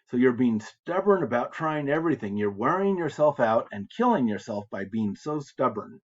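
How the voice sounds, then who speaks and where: A man's voice: medium pitch, big pitch swings, moderate pace. An American man teaching French reading, who reads French phrases aloud and then patiently explains them in English. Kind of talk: recorded lecture explaining translations. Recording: slightly dull lo-fi lecture audio.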